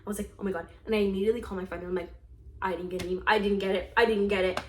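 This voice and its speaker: A woman's voice: medium pitch, steady tone, rapid-fire, slight background noise. A young woman in her twenties telling a story in a chatty, dramatic way, full of fillers, as the host of her own vlog. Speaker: escape room vlogger. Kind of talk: casual storytelling monologue. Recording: echoey room.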